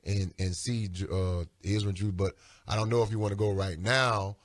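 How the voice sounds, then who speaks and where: A man co-hosting a radio talk show, talking in an emphatic, colloquial and animated way. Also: fairly low pitch, normal speed, no room sound, clean studio sound. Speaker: radio co-host. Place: radio studio.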